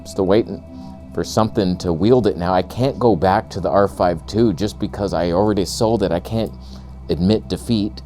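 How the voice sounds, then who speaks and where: A man ranting sarcastically in a comedic vlog, outdoors on a lavalier mic, jumping between high mocking voices and low grumbles. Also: normal speed, warm tone, soft background music. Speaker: camera vlogger.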